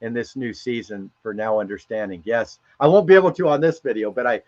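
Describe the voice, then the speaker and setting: A man's voice: mid-range voice, quick pace, a little mellow, highs cut off. A man speaking in a casual, emphatic way on a spiritual live stream, rambling and often repeating words as he talks.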